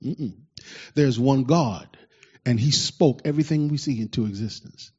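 A man preaching a sermon to a congregation. He preaches with fervor, swinging between loud, emphatic exclamations and quiet asides. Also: medium pitch, normal speed, husky. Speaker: pastor. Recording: dull lo-fi recording.

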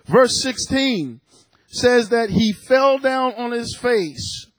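A man in his fifties preaching a sermon, emphatic, repeating his words and rising at times to shouts. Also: very high voice, animated, slow pace, no echo. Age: 50s.

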